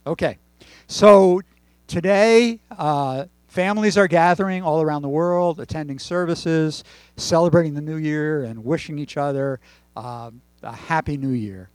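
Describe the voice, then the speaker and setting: A man leading a congregation, praying and then preaching conversationally with pauses and fillers. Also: a little high, darkish tone, no room sound. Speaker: congregation leader. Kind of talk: sermon with prayer and joke.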